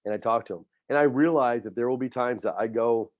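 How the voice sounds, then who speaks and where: A middle-aged man, a high school football coach, speaking in a heartfelt, faith-filled way on a podcast, often repeating words when he is moved. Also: fairly quick, dry recording. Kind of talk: emotional podcast interview.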